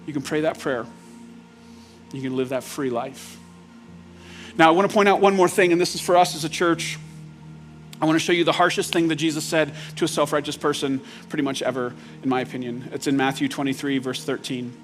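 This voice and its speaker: A man's voice: a little high, fairly even intonation, a little fast, faint music behind. A male pastor preaching in a church, talking plainly to the room and building to urgent, emphatic points. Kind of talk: sermon. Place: church sanctuary.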